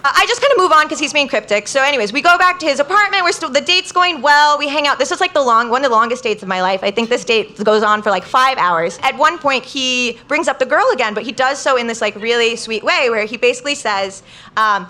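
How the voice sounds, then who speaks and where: A young woman telling a comic story on stage to a live crowd, chatty and full of "like", quoting people in lively bursts. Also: high voice, fast talker. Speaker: guest storyteller.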